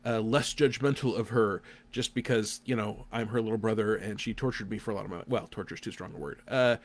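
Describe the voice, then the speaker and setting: A man in his fifties giving a casual spoken review to camera, dry and deliberate, with self-deprecating asides and frequent fillers. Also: fairly low pitch. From Oklahoma. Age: 50s. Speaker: game designer reviewing a local event.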